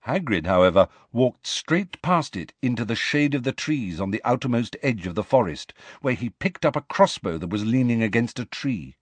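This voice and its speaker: A man reading a storybook aloud in a measured, expressive narration. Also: medium pitch, breathy edge, no room sound. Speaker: audiobook narrator.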